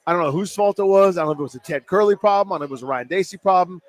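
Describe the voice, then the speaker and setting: A man hosting a live sports radio show from a sports bar, telling a story in an animated, self-mocking way. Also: sits high, racing.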